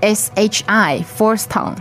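A woman modelling phrases slowly and clearly as a co-teacher in a podcast lesson. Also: mid-range voice, a bit bright, soft background music. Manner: slow, clearly enunciated. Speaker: language teacher. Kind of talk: slow model pronunciation.

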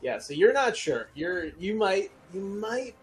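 A man running a tabletop role-playing session, narrating in a relaxed, plain manner. His voice sits a little higher than most men's. Faint music plays underneath. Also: a little slow. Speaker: game master.

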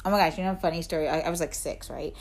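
A woman co-hosting a casual chat podcast, telling stories animatedly and acting out quotes, sometimes dropping to a near whisper for asides. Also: rapid-fire. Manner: animated storytelling, acts out quotes with big pitch jumps and laughter. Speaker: podcast co-host.

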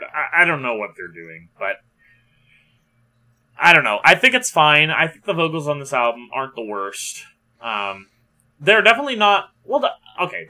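A young man talks casually on a music podcast, thinking aloud and hedging his opinions. His voice is bright, and his pitch moves a lot. He comes across as lively. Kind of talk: casual chat.

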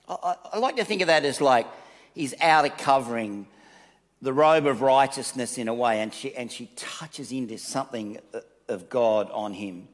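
Man, preacher, mid-pitched voice, casual sermon, reverberant hall. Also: normal speed. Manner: conversational, animated storytelling with asides. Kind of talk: sermon with Bible reading.

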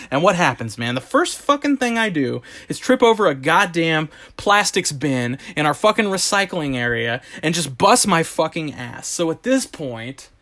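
A man telling a comic story of a bad day as a ranting monologue, swearing nonstop and sounding exasperated. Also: a little high. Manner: profane, exasperated, animated storytelling.

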